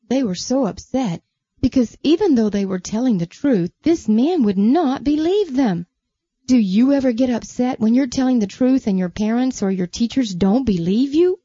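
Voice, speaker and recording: A woman telling a Bible story to children, gently asking them questions along the way. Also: a little high, expressive, moderate pace, slightly rough, no echo, muffled recording.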